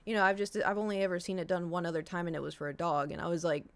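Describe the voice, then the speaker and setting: A woman's voice: fairly low pitch, rapid-fire, smooth. Chatty woman streamer telling a story. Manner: rambling storytelling with many fillers. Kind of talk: casual chat.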